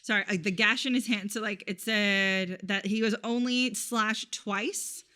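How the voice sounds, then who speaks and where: A woman with a bright, clear voice at a middle pitch recaps a book for her co-hosts. She talks in an enthusiastic, rambling way, full of fillers. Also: steady tone, measured pace. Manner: enthusiastic, chatty, trails off in fillers. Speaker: podcast co-host. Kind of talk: casual chat.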